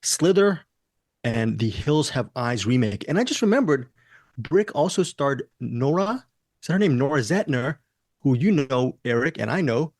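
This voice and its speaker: A man's voice: medium pitch, animated, normal speed, a little mellow, no room sound, studio quality. A man hosting a movie podcast in casual, rambling chat, joking and laughing often. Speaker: podcast host.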